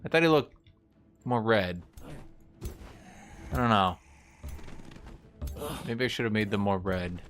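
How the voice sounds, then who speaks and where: Lively, bright-voiced young male streamer. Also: on the low side, slow, pauses often, soft background music. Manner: talks to chat, wry, exclaims and trails off. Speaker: game streamer. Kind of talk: casual gameplay commentary.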